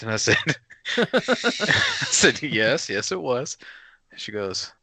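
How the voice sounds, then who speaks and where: A man co-hosting a casual podcast, telling a family story in animated fashion and acting out the voices of the people in it. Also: fairly low pitch, slow, long pauses, no echo. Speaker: podcast co-host. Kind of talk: casual chat.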